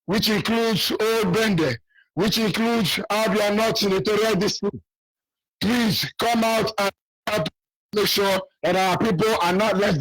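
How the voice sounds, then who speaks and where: A man's voice: high-pitched, fairly bright tone, no room sound, poor audio. A man from southeastern Nigeria, calling into a radio show with an urgent, rallying appeal while losing his voice. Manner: urgent, rallying, repeats key details. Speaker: caller.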